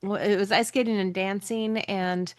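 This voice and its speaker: A woman's voice: mid-range voice, fairly even intonation, moderate pace, clean tone, dry recording, clean studio sound. A woman hosting an interview, earnestly speaking straight to her listeners. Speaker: podcast host. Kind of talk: interview hosting, addressing the audience.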